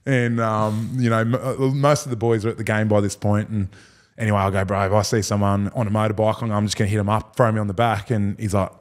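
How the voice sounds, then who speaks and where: Fast and fairly low, with little movement in pitch, this Australian man in his thirties is a former rugby league player appearing as a guest. He tells rambling, slangy stories and laughs his way through them in a casual chat.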